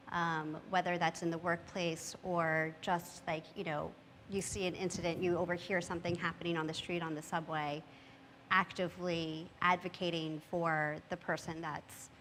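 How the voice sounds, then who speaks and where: A woman speaking as a panelist in a thoughtful, measured way with frequent fillers. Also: fairly low pitch, a bit bright. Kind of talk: panel discussion talk. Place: church hall. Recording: long hall reverb, faint noise.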